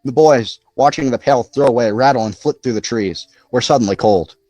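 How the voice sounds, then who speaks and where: A man narrating a novel aloud in an expressive, lively storytelling manner. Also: mid-range voice, fairly quick, dry recording, soft background music. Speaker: audiobook narrator. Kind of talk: scripted narration.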